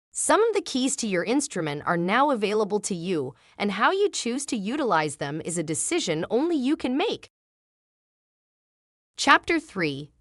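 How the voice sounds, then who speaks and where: A woman's voice: medium pitch, no room sound, clean studio sound. A woman narrating a book summary in a polished, scripted reading without fillers.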